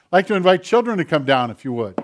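A man's voice: high voice, very animated, fast talker, slight background noise. A man pastor reading scripture and then giving a playful, friendly children's sermon.

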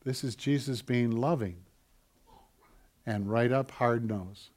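A man preaching a sermon as pastor, shifting between quiet, heavy emphasis and louder urgent passages, with rhetorical questions to the listeners. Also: mid-range voice, takes it slowly.

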